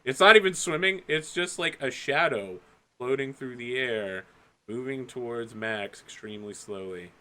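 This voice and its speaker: A man's voice: medium pitch, normal speed, bright, forceful tone. A man running a tabletop game as game master, narrating casually with loose filler words.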